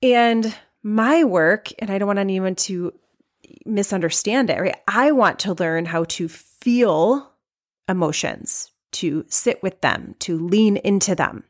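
A middle-aged woman hosting a life coaching podcast, talking openly and reflectively about feeling sad, with frequent restarts and soft pauses. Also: mid-range voice. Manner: open, reflective, with many restarts and soft laughs. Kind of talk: personal podcast monologue.

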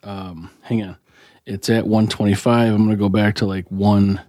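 A man's voice: lowish voice, level tone, moderate pace, dark tone, dry recording, clean studio sound. A man co-hosting a podcast in casual chat, throwing questions at his partner, telling jokes and swearing casually. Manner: joking, asks lots of questions. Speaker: podcast co-host.

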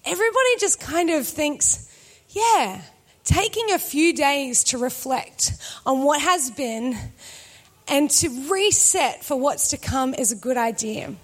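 A woman with a strikingly high voice preaches a sermon. She talks to the congregation in an easy, conversational way, mixes in humor, and slows right down on the points she wants to stress. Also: expressive. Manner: conversational and humorous, with slow emphatic pauses. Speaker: pastor.

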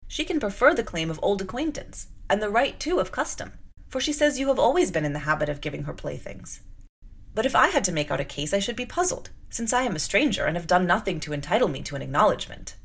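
A woman's voice: medium pitch, very animated, creaky, a bit bright, slightly rough, pitched above the performer's own voice, heavily acted. A woman reading a reserved young governess. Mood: composed. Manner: polite, measured and formal.

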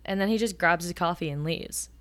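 A woman in her twenties hosting a podcast, telling stories in a casual, animated way and acting out the quotes. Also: lowish voice, a little fast. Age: 20s. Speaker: podcast host. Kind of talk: casual storytelling.

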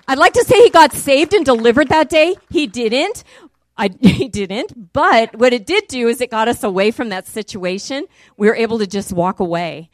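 A middle-aged woman preaching a sermon and telling a testimony, talking casually and then rising loud and high as the story peaks. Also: dry recording, clean studio sound.

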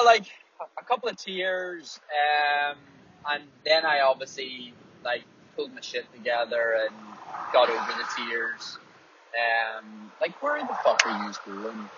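A man, a runner, talking candidly in a casual rambling monologue while driving a small car, swearing freely. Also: medium pitch. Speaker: distance runner and podcast host. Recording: dull audio, faint road noise.

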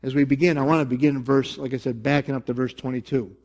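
A man preaching a sermon to his congregation, animated, with emphatic bursts and jokey asides. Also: medium pitch, fast talker, gravelly. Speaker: pastor.

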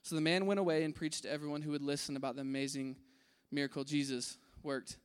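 Guy preaching casual style, high voice, gets loud then goes real quiet, big reverby hall. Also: fast talker, clear, resonant tone. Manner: animated, acts out voices in his story, drops to a hush at key points. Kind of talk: casual sermon. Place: large room with an audience.

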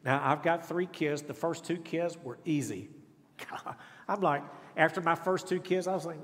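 A man's voice: a little high, expressive, measured pace, fairly bright tone. A middle-aged man, preaching as a guest speaker with folksy, self-deprecating stories and humor. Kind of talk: sermon. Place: church sanctuary. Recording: long church reverb. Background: congregation responding.

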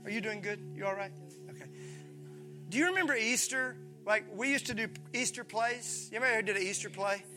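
A pastor from preaching a sermon, animated, acting out voices and calling on his listeners. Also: high voice, a little fast, soft background music. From Mississippi, USA. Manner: animated, acts out voices, calls on the congregation.

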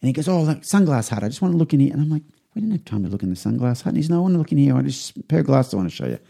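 A middle-aged man hosting a podcast, telling a rambling anecdote and acting out what people said in a higher voice. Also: very animated, racing, vocal fry, warm tone, husky. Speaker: podcast host. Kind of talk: casual storytelling.

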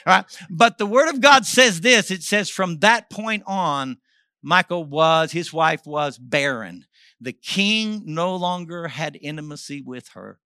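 A middle-aged man, a pastor, preaching a sermon and telling a story, swinging from loud exhortation to hushed asides. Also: a little high, animated, a little slow, clear, resonant tone, dry recording, studio quality.

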